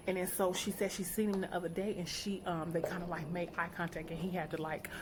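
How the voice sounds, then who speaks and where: A middle-aged woman, a mother, telling a story to her viewers in a casual, outspoken and animated way, acting out what each person said. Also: lowish voice, fairly quick, noisy background. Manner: animated, outspoken, quotes people in character. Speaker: vlogger, mother.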